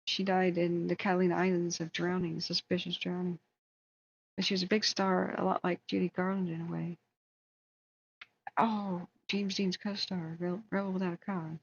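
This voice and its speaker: An American woman speaks at a moderate pace in a lowish, gravelly, husky voice with little pitch movement. Hosting a long livestream that tracks wildfires, she rambles casually, voices opinions and reads comments from viewers aloud. The stream audio is dull and lo-fi.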